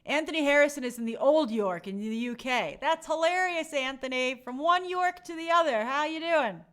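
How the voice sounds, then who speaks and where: Brief: young adult woman, slightly high voice, casual chatty live-stream host reading viewer shout-outs. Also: moderate pace. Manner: chatty, friendly, reads names aloud.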